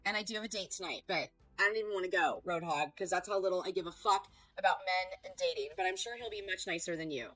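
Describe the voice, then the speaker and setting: A woman's voice: lowish voice, fast, hardly any pauses, fairly bright tone, dry recording, faint music behind, poor audio. A woman hosting a heated reaction stream, talking back in a combative, sarcastic and profane way.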